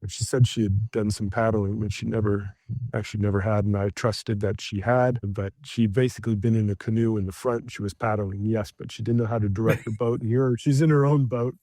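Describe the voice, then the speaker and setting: A man's voice: on the low side, brisk, no echo. A middle-aged man, a podcast guest, telling a travel story casually with lots of fillers and restarts. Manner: animated anecdote teller, acts out shouted quotes.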